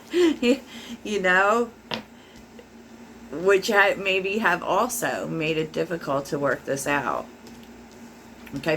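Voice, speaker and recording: A woman with a fairly low voice gives a casual tarot reading to her viewers. She muses aloud as she talks, with lots of fillers. A faint hum of room ambience sits behind her. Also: fairly bright tone. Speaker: tarot reader.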